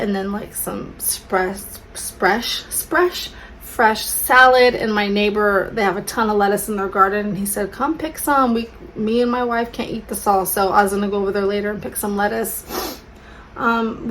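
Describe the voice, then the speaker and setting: A woman's voice: medium pitch, a bit bright, slight background noise, poor audio. Chatty woman vlogger, rambling. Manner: rambling, chatty, many fillers and self-corrections. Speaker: homemaker vlogger. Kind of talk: casual chat to camera.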